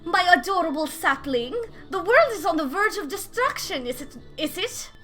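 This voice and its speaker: A regal fey pixie king, voiced by a woman, holds forth in a put-on Scottish accent, sing-song and dramatic. The voice sits high and bright. It sounds like video game dialogue read aloud by a player. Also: sing-song, moderate pace, faint music behind, full character voice. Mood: grand. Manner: theatrical, sing-song, mock-wounded.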